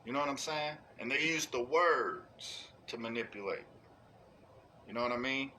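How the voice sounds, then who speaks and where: A man's voice: animated, normal speed, pushed and bright, slight background noise. A man delivering an unscripted rant in a blunt, profane way, constantly asking "you know what I'm saying". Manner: mocks others in high put-on voices. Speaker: online ranter.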